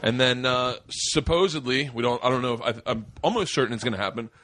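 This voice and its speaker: A middle-aged man hosts a casual podcast, spinning long, rambling stories full of swearing. He laughs as he goes, in a voice of ordinary middle pitch. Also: quick pace, fairly bright tone, a little hiss or hum. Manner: rambling, profane, laughs through his stories. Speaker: podcast host. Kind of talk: casual storytelling.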